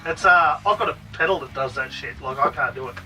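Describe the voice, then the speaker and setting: A man's voice: medium pitch, brisk, bright, forceful tone, far from the mic, soft background music, poor audio. A man hosting a casual podcast chat, laughing and rambling with restarts. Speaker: podcast host.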